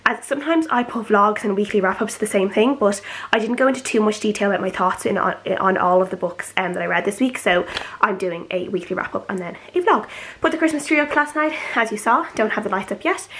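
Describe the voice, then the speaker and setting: A woman's voice: medium pitch, fairly bright tone, rough recording. A young Irish woman in her twenties, a book vlogger chatting casually and rambling with lots of filler words. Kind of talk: casual chat.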